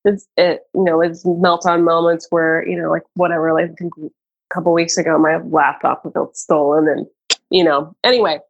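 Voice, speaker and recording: A woman's voice: deep voice, flat delivery, moderate pace, lo-fi sound. A woman hosting a podcast, asking questions in a chatty, loose way with lots of fillers. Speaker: podcast host. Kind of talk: casual podcast conversation.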